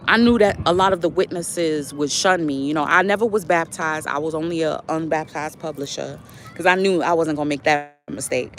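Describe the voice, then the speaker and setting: A woman's voice: lowish voice, a little hiss or hum. A young adult woman, a spiritual vlogger, telling a story in a casual monologue with lots of fillers and preachy asides while out on a walk.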